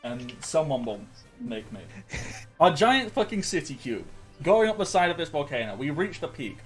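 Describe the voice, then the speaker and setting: Guy doing the last-session recap for his tabletop group, lots of ums, soft music under it. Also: on the high side, big pitch swings, normal speed. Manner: rambling, lots of ums and self-corrections. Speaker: player giving the session recap. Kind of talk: casual recap of a tabletop game.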